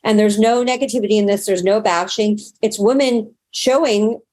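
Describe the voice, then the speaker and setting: A woman's voice: medium pitch, normal speed, darkish tone. Earnest talkative woman telling her story. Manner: earnest, talkative, acts out past moments in quotes. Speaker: interview guest. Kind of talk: candid personal storytelling.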